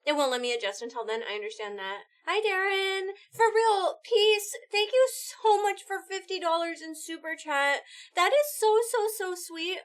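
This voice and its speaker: Bubbly high-voiced woman streamer. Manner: bubbly and excitable, quick thank-yous to viewers. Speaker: live streamer. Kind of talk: casual chat with viewers.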